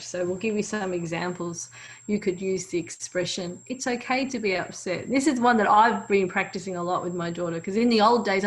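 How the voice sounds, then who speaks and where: A woman's voice: medium pitch, poor audio. Woman teaching parenting. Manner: warm, anecdotal, laughs between points.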